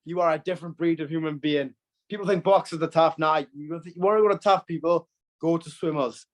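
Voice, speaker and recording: Animated teenage lad telling stories. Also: male voice, on the high side, fairly quick. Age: teens. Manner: animated storytelling, laughs and stumbles. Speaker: guest. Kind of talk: casual podcast chat.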